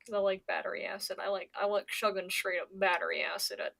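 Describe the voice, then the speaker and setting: A woman's voice: mid-range voice, fairly even intonation, fast, creaky, hardly any pauses, a bit bright. A young woman from Pennsylvania chatting casually on her stream, rambling and swearing, with lots of stammered restarts. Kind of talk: casual chat.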